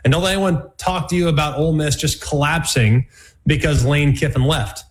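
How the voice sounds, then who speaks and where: A man's voice: fairly high pitch, steady tone, moderate pace. A man hosting a college football analysis show, talking in a punchy, emphatic way with plenty of repetition. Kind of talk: sports commentary show.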